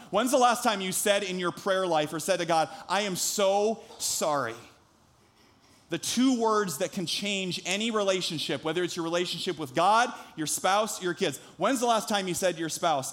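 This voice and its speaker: A man's voice: sits high, normal speed, fairly bright tone. A man in his thirties, a pastor preaching a sermon, telling a personal story earnestly before building to emphatic preaching.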